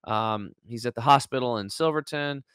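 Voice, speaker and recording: A man's voice: medium pitch, moderate pace, a bit bright, smooth, dry recording, clean studio sound. A man telling a personal story as an interview guest on a video call, acting out the quoted dialogue with lots of fillers.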